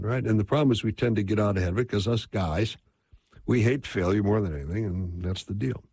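A man with a medium-pitched, slightly mellow, husky voice gives relationship advice in a casual, conversational way. He keeps checking in with his listeners, constantly tossing in "right?"

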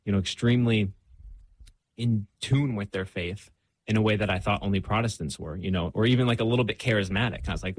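A man's voice: on the low side, fast. A young man telling his own faith story in a candid, self-deprecating way, full of fillers and restarts. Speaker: guest. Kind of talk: casual faith conversation.

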